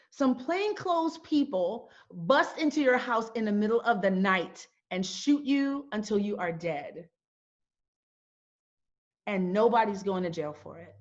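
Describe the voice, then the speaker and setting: A middle-aged woman speaking to an audience, emphatic and full of rhetorical questions that she often repeats. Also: on the high side. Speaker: founder and host giving a talk. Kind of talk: impassioned talk to an audience. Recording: dull lo-fi sound.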